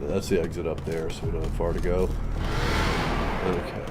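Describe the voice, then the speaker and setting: A man's voice: level tone, fairly quick, very noisy. A man streaming a video game, muttering casual commentary with frequent swearing. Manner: muttering, swearing, low-key.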